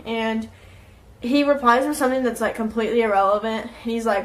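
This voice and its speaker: A woman's voice: a little high, a little fast. A woman vlogger telling a casual storytime in an exasperated, sarcastic and heavily profane manner.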